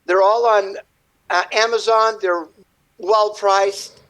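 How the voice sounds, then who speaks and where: A man, a guest artist on a radio interview, telling his story in a rambling, animated way and acting out what people said. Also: high voice, takes it slowly, poor audio.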